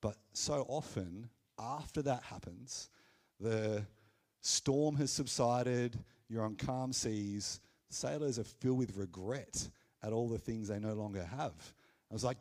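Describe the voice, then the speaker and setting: A man with an Australian accent preaching a sermon at a Sunday church gathering, conversational and animated, with playful asides. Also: medium pitch, a little slow. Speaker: pastor.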